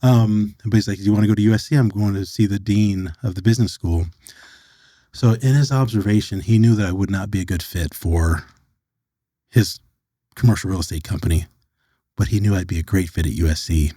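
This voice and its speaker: A man's voice: fairly low pitch, fairly quick, dry recording. A middle-aged man from the United States, a podcast guest recounting a personal story and acting out the lines of the people in it. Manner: animated storyteller who acts out quoted dialogue.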